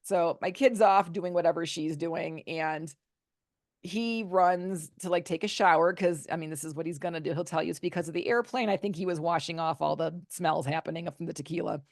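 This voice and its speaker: The recording is dry and studio quality, featuring a woman with a low, brisk voice. As a podcast guest and author, she tells a personal story frankly in an interview, acting out quotes with lively energy.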